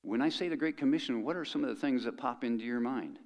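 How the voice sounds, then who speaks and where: A man's voice: mid-range voice, fast talker, lo-fi sound. A middle-aged man preaching a sermon as pastor, conversational and joking with the congregation.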